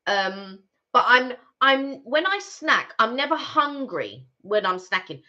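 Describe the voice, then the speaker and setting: A woman's voice: a little high, sing-song, takes it slowly, pushed and bright. A woman co-hosting a live stream, chatting casually and animatedly, with frequent restarts. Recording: dull lo-fi stream audio.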